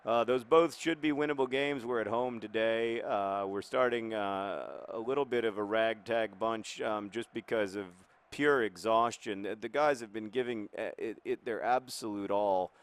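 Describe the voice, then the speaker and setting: Male gameplay commentator in a mock-manager role, lowish voice, hesitant and rambling, earnest tone. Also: steady tone, normal speed, hardly any pauses, clean tone. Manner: rambling and hesitant, with many fillers. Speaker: video game commentator, role-playing as a football club manager.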